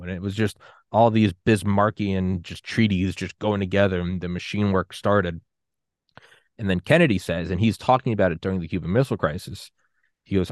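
A man in his thirties talking casually on a podcast, acting out quotes in an animated way. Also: sits low, normal speed, no room sound, studio quality. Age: 30s. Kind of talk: casual conversation.

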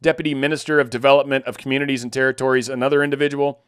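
A man's voice: mid-range voice, level tone, very fast, a bit bright, smooth, dry recording, clean studio sound. A man hosting casual news commentary, reading stories and tossing in sarcastic asides, stumbling over foreign names. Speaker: political commentary host.

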